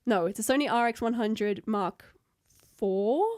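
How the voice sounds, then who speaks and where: A woman, a guest photographer chatting casually and telling an excited story with high-pitched acted-out quotes. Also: measured pace. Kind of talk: casual chat.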